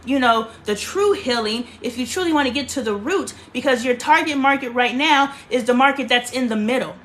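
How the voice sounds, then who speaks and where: A woman's voice: high voice, fairly quick, a bit bright. A woman hosting a casual livestream from her bedroom, talking emphatically and preaching, often repeating herself. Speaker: livestream host.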